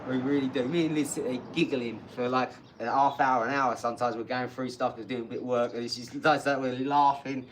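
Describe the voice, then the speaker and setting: A man's voice: mid-range voice, fairly even intonation, fairly quick, few pauses, a little hiss or hum. A man, chatting bluntly on a livestream and answering viewers' comments, swearing and often laughing as he talks. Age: 40s. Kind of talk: casual livestream chat.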